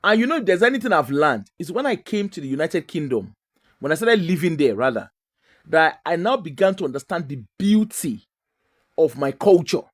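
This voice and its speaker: A Nigerian man with a fairly high voice, appearing as a guest, tells casual stories at normal speed in a relaxed, chatty way. He's animated, with wide pitch swings, and mixes Pidgin into his English while laughing often.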